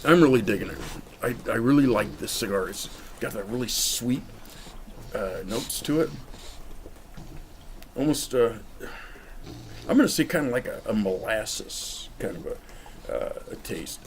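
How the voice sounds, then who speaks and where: A man's voice: on the low side, animated, a little slow, pauses often, a little hiss or hum. A man casually talking through a cigar review outdoors in the cold, chatty and joking straight to the viewer. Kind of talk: casual rambling vlog review.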